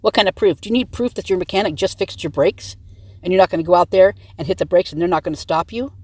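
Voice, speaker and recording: A woman's voice: lowish voice, fast, darkish tone, slightly rough, dry recording. A woman hosting her own video channel, delivering a heated commentary rant into her tablet's microphone and firing rhetorical questions at her viewers. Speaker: vlog host. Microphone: tablet microphone, close to screen.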